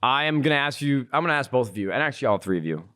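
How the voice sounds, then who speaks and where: A man's voice: mid-range voice, animated, very fast, a bit bright. A man co-hosting a podcast, upbeat and encouraging as he asks his guests questions. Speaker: podcast co-host. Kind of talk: casual podcast chat.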